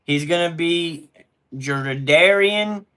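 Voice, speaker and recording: Man, live-stream host, casual and laid-back, bossy with kids, bright tone. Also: fairly high pitch, slow pace, smooth. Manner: easygoing, talks through picks while bossing the kids around. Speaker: live-stream host running a mock draft.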